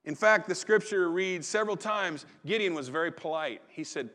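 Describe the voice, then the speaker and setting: A man preaching a sermon in a relaxed, conversational storytelling way, often restarting his phrases. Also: on the high side, brisk, few pauses. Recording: long reverb of a large hall.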